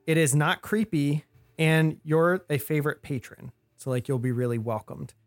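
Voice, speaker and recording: A young woman narrating and explaining rules as game master, in a relaxed, filler-heavy way. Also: low-pitched, moderate pace, dry recording.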